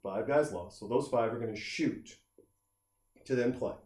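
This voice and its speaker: A middle-aged man in casual comedic chat, talking in a profane, animated way and acting out the people he quotes in jumping voices. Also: mid-range voice, measured pace. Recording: roomy echo.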